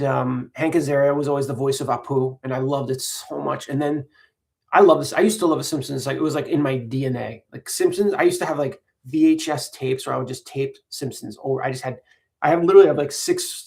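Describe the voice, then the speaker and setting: Gravelly man rambling to viewers. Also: medium pitch, a little mellow. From United States. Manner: rambling, earnest, talks to viewers directly. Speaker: parody channel host. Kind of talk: casual livestream chat.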